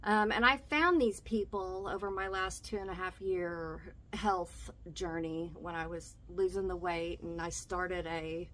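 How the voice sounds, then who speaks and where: A middle-aged woman with a drawl chats casually to her viewers. She speaks slowly, pausing often on "um" and repeating phrases as she goes. A faint hum sits under her voice. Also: fairly low pitch, fairly even intonation, fairly bright tone. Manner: hesitant, frequent ums, repeats phrases. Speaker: vlogger. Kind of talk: casual vlog talk recommending podcasts.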